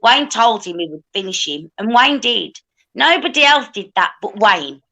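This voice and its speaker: A woman's voice: mid-range voice, big pitch swings, normal speed, pushed and bright, rough recording. A woman hosting a casual livestream chat, talking emphatically.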